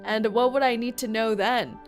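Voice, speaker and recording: A woman's voice: a little high, fairly even intonation, moderate pace, faint music behind. A woman streaming a game, chatting in a giggly, playful, teasing way. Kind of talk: game livestream commentary.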